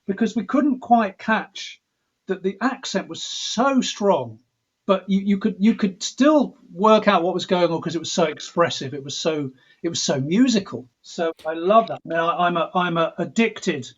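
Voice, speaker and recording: A slightly high-pitched English man with a husky edge to his voice talks through his thoughts in a relaxed interview, stopping and restarting his phrases as he works out what he means. The sound is dull and lo-fi, like a remote call. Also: unhurried. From England. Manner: reflective, frequent restarts and repeated words. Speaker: composer guest.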